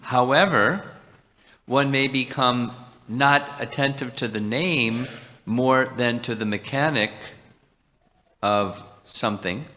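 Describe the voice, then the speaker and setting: A man's voice: medium pitch, slow pace, bright, forceful tone. A man leading a devotional class, taking questions and explaining with quoted Sanskrit verses. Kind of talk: devotional teaching and Q&A. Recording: reverberant lecture hall.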